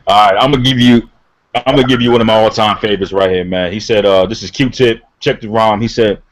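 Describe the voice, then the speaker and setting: A man with a lowish voice talks about hip hop with emphatic respect. He leans into each point and speaks fast when excited. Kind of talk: casual chat about hip hop lyrics.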